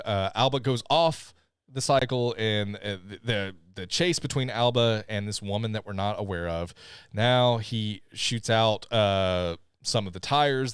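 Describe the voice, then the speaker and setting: Lowish-voiced man chatting about a film. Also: smooth, no echo, clean studio sound. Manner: rambling, with fillers and restarts. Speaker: podcast co-host. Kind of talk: casual movie review chat.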